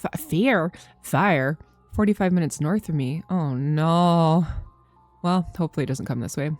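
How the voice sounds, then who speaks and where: A woman in her thirties with a low, mellow voice chats loosely to her stream, rambling from one thought to the next and swearing casually. The sound is close and dry, with a little music in the background. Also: no room sound. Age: 30s. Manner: rambling, chatty, swears freely, laughs often. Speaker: game streamer. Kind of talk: casual chat with live chat.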